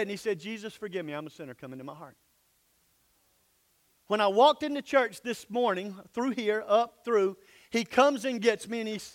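A pastor with a high, slightly bright voice preaches a sermon, reading scripture aloud and then explaining it in plain, folksy terms.

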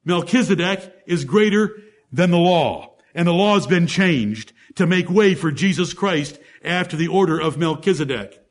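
A man's voice: a little high, lively intonation, moderate pace. A man preaching a sermon, teaching through Bible verses one by one in an emphatic way and asking the congregation rhetorical questions.

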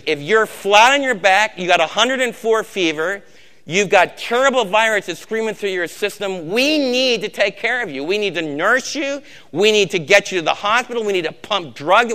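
A man preaching a sermon, emphatic, swinging from loud exhortation to a hushed, intimate tone. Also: sits high.

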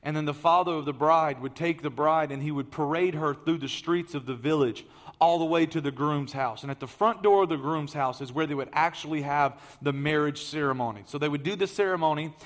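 A man preaching a sermon, telling the story in a lively way that swings from loud emphasis to hushed asides. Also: on the high side, fairly quick.

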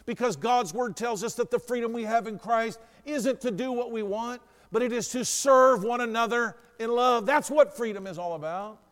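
A man's voice: very high voice, normal speed, few pauses, fairly bright tone. A male pastor preaching a sermon. He tells stories and builds up to emphatic declarations. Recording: long reverb of a large room.

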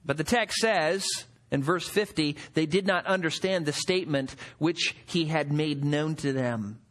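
A man preaching a sermon as a pastor, animated, stepping into quoted voices as he explains a Bible passage. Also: unhurried. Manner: animated, acts out quoted voices with rising pitch.

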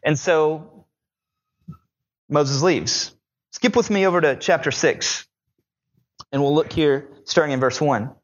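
A man's voice: on the high side, slow pace, long pauses, highs cut off. A man preaching a sermon, retelling scripture in a conversational, dramatic way. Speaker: pastor.

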